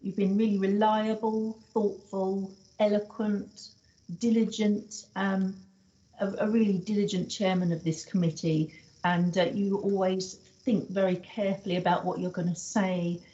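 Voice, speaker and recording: A woman's voice: mid-range voice, flat delivery, unhurried. A woman councillor speaking earnestly in an online meeting. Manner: warm, earnest praise. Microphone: video call. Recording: dull lo-fi video call audio.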